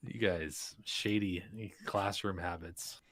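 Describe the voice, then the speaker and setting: Deep-voiced man joking at the game table. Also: slow. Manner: animated, joking. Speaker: player.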